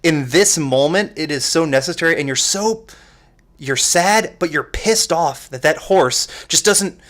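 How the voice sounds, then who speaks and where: A man co-hosting a podcast, chatting casually about an old film with animated, excited bursts and frequent laughs. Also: a little high, measured pace. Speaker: podcast co-host. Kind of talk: casual movie discussion.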